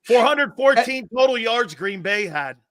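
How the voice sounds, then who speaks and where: A man's voice: extremely high pitch, lively intonation, measured pace, a bit bright, dry recording, studio quality. A man hosting a sports talk show, asking pointed questions and citing stats. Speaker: show host.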